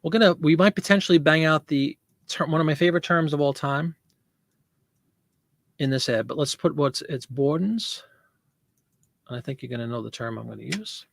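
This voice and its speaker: A man hosts a casual live selling stream in a slightly high, creaky voice at a moderate pace, pausing often. He's a chatty rambler who laughs readily and reads viewer comments out loud before answering. The recording is dry.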